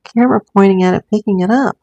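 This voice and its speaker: A woman's voice: medium pitch, fast, warm tone, highs cut off. A woman hosting a casual livestream from a room at home, talking in a rambling, chatty way with many fillers. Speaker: livestream host. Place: home room with a green screen and ring light.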